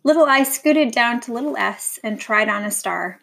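A woman reading a picture book aloud to a young child, gentle and warm, stopping to ask the child questions. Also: a little high, expressive, normal speed, gravelly, few pauses, low-quality recording.

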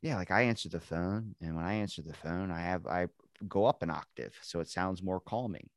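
A man with a very deep voice tells stories in casual chat, cracking crude jokes as he goes. His voice sits close and dry, with little room sound. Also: brisk, dry recording. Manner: joking, profane storyteller.

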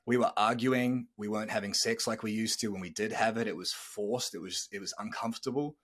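A man in his thirties hosts a podcast and recounts his own past with candid earnestness. His voice sits on the lower side, with a husky grain, and he drops casual swear words. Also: fairly even intonation, a little fast, fairly bright tone. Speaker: podcast host. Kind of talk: personal storytelling on a podcast.

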